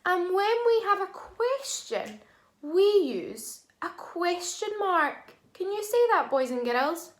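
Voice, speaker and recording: A woman teacher leading a phonics lesson for young children, sounding out words slowly and clearly. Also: very high voice, very animated, roomy sound. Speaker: primary school teacher.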